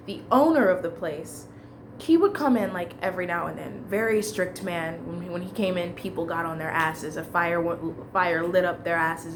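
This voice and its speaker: A woman with a mid-range voice, recorded with a little hiss or hum, tells a long personal story. She speaks casually and rambles, using fillers and restarts.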